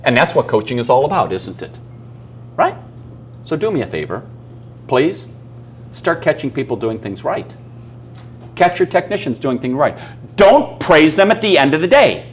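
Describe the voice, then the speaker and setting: A man's voice: on the high side, sing-song, moderate pace, long pauses, a little hiss or hum. Emphatic man coaching a seminar audience. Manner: emphatic, asks the audience questions and acts out stories. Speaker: business coaching speaker. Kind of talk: live seminar talk to an audience.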